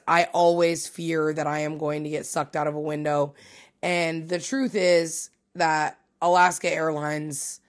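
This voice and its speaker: A woman hosting a casual solo podcast from home, rambling and swearing as she mocks herself. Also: low voice. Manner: rambling, profane, self-mocking. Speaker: podcast host.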